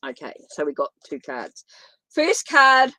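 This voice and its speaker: A woman's voice: low-pitched, huge pitch swings, measured pace, sharp tone, no echo. A woman doing a live tarot reading, talking in a chatty, informal way straight to her viewers. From New Zealand. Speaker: tarot reader.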